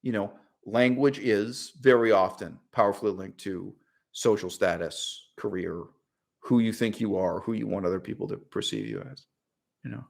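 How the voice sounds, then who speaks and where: A man's voice: lowish voice, moderate pace, gravelly. A middle-aged man hosting his own channel, talking in a casual, opinionated monologue full of asides and short laughs. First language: English. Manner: animated and opinionated, frequent fillers and laughs. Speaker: channel host.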